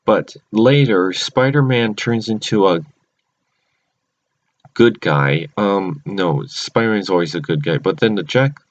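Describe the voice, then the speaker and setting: A man's voice: fairly low pitch, expressive, a little slow. Male home recapper, rambling with constant restarts; dull, lo-fi capture. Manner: rambling, many restarts and self-corrections. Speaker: cartoon episode recapper. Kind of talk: casual unscripted recap. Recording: dull lo-fi recording.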